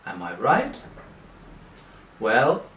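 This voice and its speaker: Man, teacher, very slow deliberate delivery, distant mic, echoey room. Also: medium pitch, huge pitch swings, fairly bright tone, slight background noise. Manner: slow, deliberate, with rhetorical questions. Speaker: English teacher. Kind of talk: direct-to-camera sales pitch. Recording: roomy, from away from the mic.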